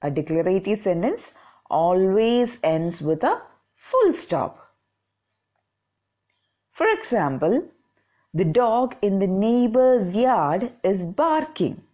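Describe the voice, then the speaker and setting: Woman, grammar teacher, patient explaining, mellow voice, muffled recording. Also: mid-range voice, very animated, slow pace, long pauses. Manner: patient, explaining, checks in with okay. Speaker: English teacher. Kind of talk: grammar lesson.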